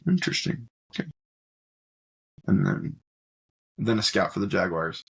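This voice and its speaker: A man's voice: low-pitched, very animated, measured pace, gravelly, breathy edge. A man co-hosting a casual sports talk show who makes dry, sarcastic asides. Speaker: co-host.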